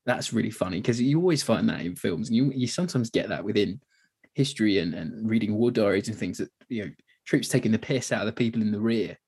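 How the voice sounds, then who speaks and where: A man's voice: on the low side, fast talker, a little mellow, breathy edge. A man co-hosting a podcast, chatting casually about a film with rambling sentences and lots of fillers. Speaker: podcast co-host.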